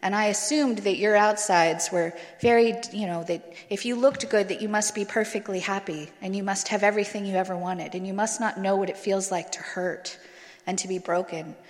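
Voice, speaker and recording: A woman's voice: medium pitch, fairly even intonation, normal speed. A woman giving a candid personal talk to an audience, telling her story bluntly and casually, with some swearing. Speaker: speaker sharing a recovery story. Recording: long hall reverb.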